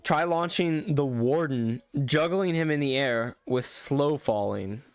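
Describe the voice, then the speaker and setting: A man streaming gameplay commentary, excitable, laughing often and reading out chat. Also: a little high, slow, clear, resonant tone, no echo. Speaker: streamer reviewing viewer mods.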